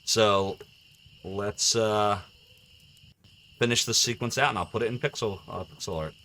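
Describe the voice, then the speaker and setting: A male streamer chatting casually while playing a game, excitable and laughing often. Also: fairly low pitch, measured pace, slight background noise. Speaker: live streamer.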